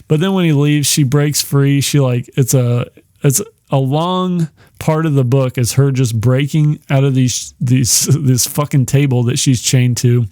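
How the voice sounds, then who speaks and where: A man's voice: medium pitch, measured pace, warm tone, no room sound. A man in the middle of his range retells a story in a loose, rambling way, full of swearing and fillers. He breaks into laughs often. The sound is close and dry. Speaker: podcast host. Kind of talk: casual retelling of a novel's plot.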